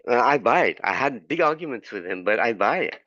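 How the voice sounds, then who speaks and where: A man's voice: medium pitch, sing-song, a little fast, pushed and bright, no echo. A man in an online class making his point emphatically, repeating figures to drive them home. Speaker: class participant. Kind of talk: argumentative discussion. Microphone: video call. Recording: dull, dry video call audio.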